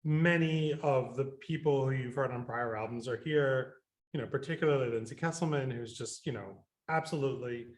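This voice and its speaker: A man, a composer, talking in a radio interview, rambling with many fillers and restarts and getting animated when he quotes himself. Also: mid-range voice, normal speed.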